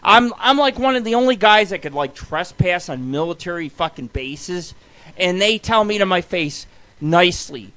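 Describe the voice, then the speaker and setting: Man, host, rowdy rambling monologue, swears constantly, shouts at times, fairly high voice. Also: expressive, normal speed. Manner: rambling, profane, loud bursts of shouting. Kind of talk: profane stand-up style monologue. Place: home recording for internet radio.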